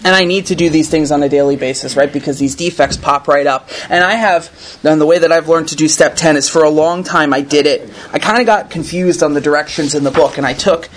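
A man with a slightly high voice speaks fairly quickly over a faint hiss or hum. He reads aloud to a recovery group and comments on it, earnest and conversational, often closing his thoughts with "right?"

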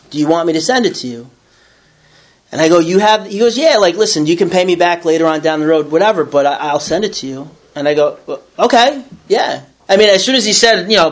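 A middle-aged man telling a personal story in a casual, rambling way, with many restarts and self-corrections. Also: fairly high pitch. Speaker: storyteller sharing a recovery story.

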